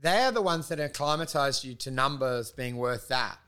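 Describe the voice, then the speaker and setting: A man's voice: mid-range voice, expressive, moderate pace, sharp tone, clean tone. A man co-hosting a comedy podcast, riffing crudely and laughing through his own jokes. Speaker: podcast co-host. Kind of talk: casual comedic chat.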